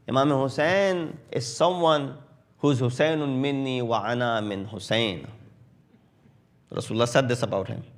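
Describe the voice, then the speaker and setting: A man preaching a sermon in English with a South Asian accent, telling a story with acted quotes that swell loud at the peaks. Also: medium pitch, normal speed. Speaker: Shia preacher. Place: mosque hall.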